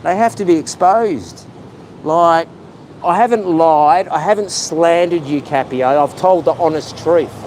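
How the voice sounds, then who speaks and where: A worked-up Australian man with a high voice, venting on a live stream from a street outside. He sounds emotional and keeps circling back to the same points. Faint traffic hums behind him. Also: a little slow, a little mellow. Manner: agitated, heated, repetitive ranting. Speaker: vlogger. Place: outdoors on a street.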